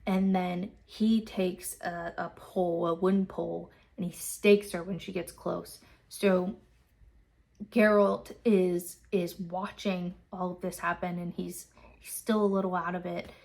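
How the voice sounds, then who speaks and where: A woman's voice: lowish voice, little pitch movement, a little slow, creaky, darkish tone. A woman hosting a book club, casually recapping a chapter in a loose, filler-heavy way and swearing freely.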